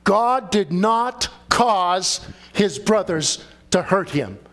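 A man's voice: sits high, expressive, very slow, a bit bright. A man preaching a sermon and reading scripture aloud. He speaks emphatically and keeps asking the listeners questions.

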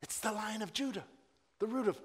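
A man preaching a sermon, swinging between loud proclaiming and hushed, drawn-out asides. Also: high-pitched, animated, slightly rough, long reverb tail.

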